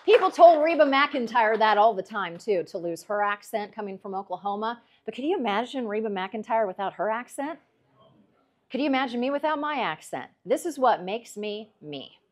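A middle-aged woman, a meteorologist telling folksy, lively stories as a guest speaker at a club. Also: a little high, normal speed. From Kansas. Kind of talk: after-dinner talk, storytelling.

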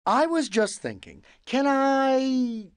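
The whiny, pleading cartoon Pigeon. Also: female voice, sits high, sing-song, slow, smooth, no echo, studio quality, exaggerated voice. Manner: wheedling, bargaining, dramatic outbursts. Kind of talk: animated game character voice.

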